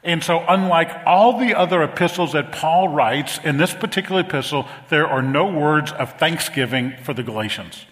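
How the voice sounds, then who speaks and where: A middle-aged man preaching a sermon as pastor, animated and repeating phrases for emphasis. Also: fairly high pitch, normal speed, hardly any pauses. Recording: long reverb of a large hall.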